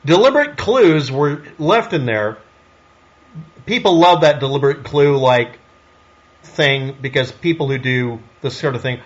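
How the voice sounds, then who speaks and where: A man's voice: on the high side, animated, unhurried. Snarky, sarcastic man in a lo-fi recording. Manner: rhetorical questioning. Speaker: online commentator. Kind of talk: solo commentary monologue.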